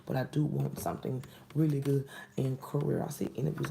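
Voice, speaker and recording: Gravelly, blunt woman reading tarot. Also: extremely low pitch, steady tone, brisk, noisy background. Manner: blunt, exasperated, drops into whispered asides. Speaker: tarot reader. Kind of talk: casual tarot reading to camera.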